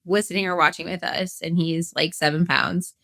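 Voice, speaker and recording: A woman's voice: lowish voice, steady tone, moderate pace, gravelly, bright, forceful tone, no echo, studio quality. A woman co-hosting a casual podcast chat, talking with passion and emphasis. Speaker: podcast co-host.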